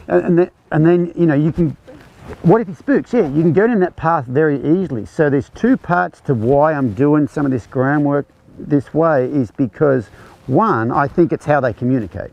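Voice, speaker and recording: A man's voice: fairly high pitch, moderate pace, vocal fry, muffled recording. A man teaching a horsemanship clinic, explaining conversationally as he demonstrates groundwork with a horse. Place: outdoor ranch arena.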